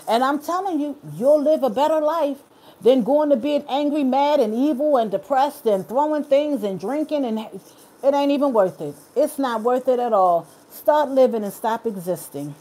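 A woman's voice: high voice, mellow. Earnest woman hosting a live chat. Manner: earnest, encouraging, talks straight to viewers. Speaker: live stream host. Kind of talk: casual live chat reading comments.

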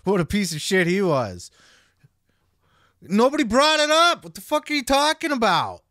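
A man's voice: fairly high pitch, lively intonation, measured pace, sharp tone, no room sound, studio quality, full character voice. A man imitating a bitter, crabby older male wrestling star who swears in cranky outbursts.

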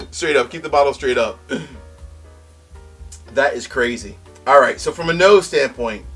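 A man giving a casual, excitable whiskey tasting review, loud exclamations, teary-eyed from a strong pour. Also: fairly high pitch, slightly rough.

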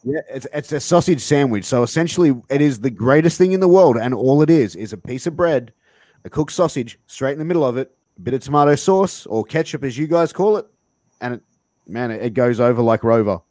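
A man's voice: mid-range voice, animated, brisk, a little mellow, no room sound. A man with an Australian accent hosting a casual interview, joking and throwing around slang. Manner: jokey, laughing, heavy slang. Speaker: interview host.

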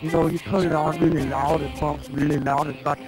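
A man hosts a goofy gameplay video, rambling and breaking into shouts. His voice sits slightly high for a man, and loud music plays behind him. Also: level tone, brisk. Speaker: gaming video host.

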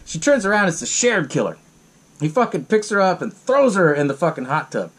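A man's voice: sits high, big pitch swings, a little fast. A man hosting a podcast, casually recapping a horror movie in a loose, profane way full of fillers. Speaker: podcast host.

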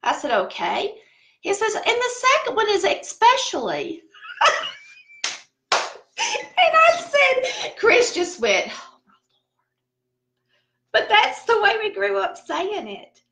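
A woman's voice: very high voice, huge pitch swings, measured pace, creaky, fairly bright tone, roomy sound. A middle-aged woman with a Southern American accent, chatting casually and telling stories while laughing at herself. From Southern United States. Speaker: cooking channel host. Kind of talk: casual chat.

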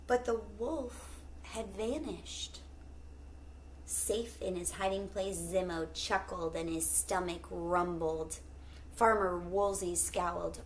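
A woman teacher reading a picture book aloud to children, pausing to ask them questions. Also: mid-range voice, a bit bright, slight background noise. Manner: pauses to ask listeners questions.

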